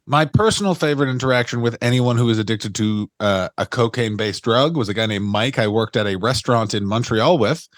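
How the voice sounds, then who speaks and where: A man co-hosting a podcast in casual chat, animated, swearing and quoting people in his anecdotes. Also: mid-range voice, brisk, few pauses, no room sound, clean studio sound. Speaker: podcast co-host.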